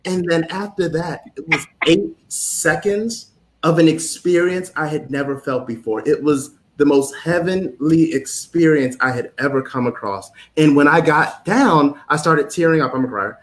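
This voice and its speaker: A man telling a story in a casual, animated way, acting out what people said and laughing often. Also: fairly high pitch, normal speed. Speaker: guest. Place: home setup with clip lights.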